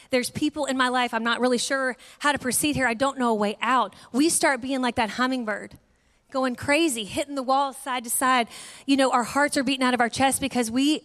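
A middle-aged woman giving a sermon, telling a family story in a lively way and acting out voices. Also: on the high side. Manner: animated storyteller, acts out voices. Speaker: guest speaker. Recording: long hall reverb.

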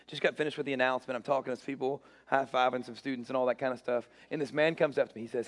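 A man's voice: medium pitch, steady tone, rapid-fire, hardly any pauses. A middle-aged man preaching as a pastor, telling stories with acted-out quotes and self-mocking humor. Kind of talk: sermon. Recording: long hall reverb.

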